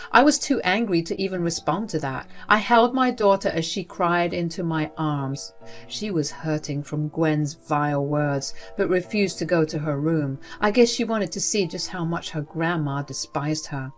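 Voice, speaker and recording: A woman narrating a first-person family story in an even, steady scripted reading. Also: lowish voice, a little slow. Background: soft background music.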